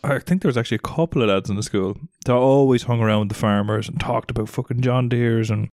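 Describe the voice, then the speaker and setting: A man's voice: medium pitch, quick pace, a little mellow, no echo. A man in his thirties co-hosting a podcast, joking and swearing in casual chat. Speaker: podcast co-host.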